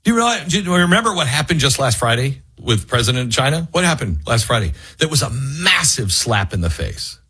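A man hosting opinionated political talk radio, emphatic and animated, who mockingly acts out what others say. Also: mid-range voice, a little fast, hardly any pauses, breathy edge, dry recording.

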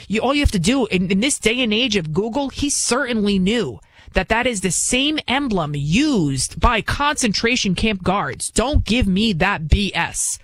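A woman's voice: medium pitch, animated, measured pace, dry recording. A woman political commentator talking in an indignant, emphatic way, firing off rhetorical questions and repeating her points. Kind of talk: opinion monologue.

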